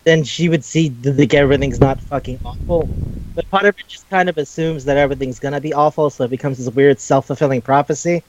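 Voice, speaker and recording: A young man co-hosting a casual talk show. He retells scenes in an animated way, acts out the characters and swears freely. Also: mid-range voice, quick pace. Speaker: podcast co-host. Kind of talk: casual chat. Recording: dull dry lo-fi mic.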